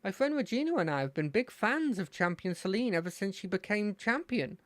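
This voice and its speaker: A streamer voicing an excitable, eager young male rival in a video game, gushing and breathless. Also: mid-range voice, fairly quick, no room sound, voice pushed up, close to an everyday voice. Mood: starstruck.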